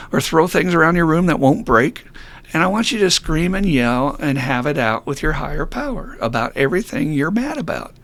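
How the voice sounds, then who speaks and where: A man putting on the voice of a short, gentle older man from a recovery meeting who talks calmly and coaxingly, swearing casually. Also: a little high, gravelly, voice pushed up, full character voice.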